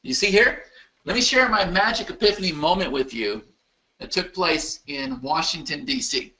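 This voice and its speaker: A man presenting a webinar in an emphatic, repetitive motivational sales-pitch style. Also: lively intonation, moderate pace, sharp tone, poor audio.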